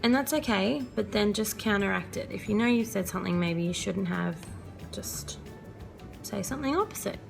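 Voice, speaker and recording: A young woman talks to camera in a chatty, earnest way, sharing parenting tips as a mum. Her mid-pitched voice has a gravelly, creaky edge, and soft music plays faintly underneath. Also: animated, normal speed. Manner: chatty, earnest, laughs often. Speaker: vlogger and mother. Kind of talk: casual parenting advice vlog.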